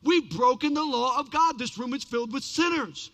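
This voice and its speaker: A man with a very high, bright voice preaches in a church sanctuary, telling his story with big swings between shouted peaks and hushed lows. His words ring out with a long reverb that fills the hall. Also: expressive, moderate pace. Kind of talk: sermon.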